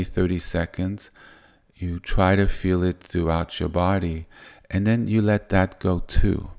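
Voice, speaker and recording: Man, spiritual teacher, very low gravelly voice, slow and soft, gentle meandering teaching. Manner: soft, unhurried, meandering with restarts.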